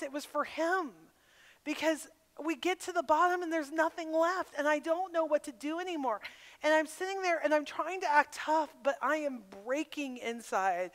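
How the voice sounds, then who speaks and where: A woman's voice: fairly high pitch, a bit bright. A middle-aged woman speaking at a women's retreat, telling a personal testimony with candid emotion and putting direct questions to her listeners. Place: camp meeting hall. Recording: live hall with long reverb.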